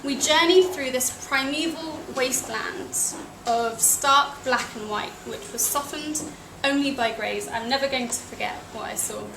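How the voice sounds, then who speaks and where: High-voiced British woman telling travel tales. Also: measured pace, hardly any pauses. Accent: British English. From England. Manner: wry, self-deprecating, with small laughs. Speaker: storyteller at a live event. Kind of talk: personal travel story told to an audience. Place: cafe event room. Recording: echoey cafe with noisy ambience.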